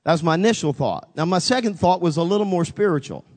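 A man's voice: a little high, animated, fast talker, a little mellow, big-room sound. A pastor preaching a sermon, telling a story with dramatic swings, acting out both his own voice and God's. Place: church sanctuary.

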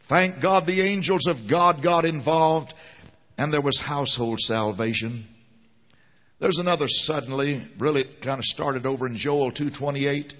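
A man's voice: on the high side, moderate pace, fairly bright tone. A man preaching a sermon with an emphatic, fervent delivery. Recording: dull lo-fi sound with long hall reverb.

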